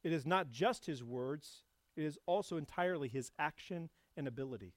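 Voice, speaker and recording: A man's voice: fast, dry recording. Dry-voiced male pastor preaching. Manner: builds to loud emphatic preaching, then drops soft and low. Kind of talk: sermon.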